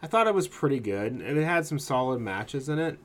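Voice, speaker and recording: A man's voice: medium pitch, very animated, moderate pace. Laid-back man with faint background hiss. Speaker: co-host. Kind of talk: casual chat.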